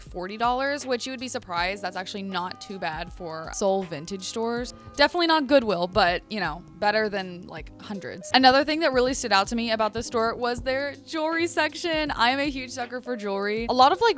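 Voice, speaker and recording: A young woman chatting in a casual, bubbly vlog, full of fillers, filmed at home and out on the streets. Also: on the high side. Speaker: vlogger. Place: apartment, then city streets and shops. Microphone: handheld camera.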